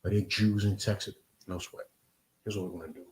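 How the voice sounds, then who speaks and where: A man with a New Jersey accent teaching scripture in an emphatic, profane style, swinging between loud outbursts and low asides. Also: fairly even intonation, a little fast, poor audio. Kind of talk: street preaching lesson.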